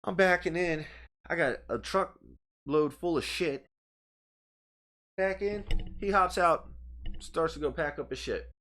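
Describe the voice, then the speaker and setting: A man's voice: a little high, slow pace, long pauses, fairly bright tone. A man co-hosting a podcast, telling a story in a heated, profane rant and talking with his hands in a studio. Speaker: podcast co-host. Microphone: studio microphone.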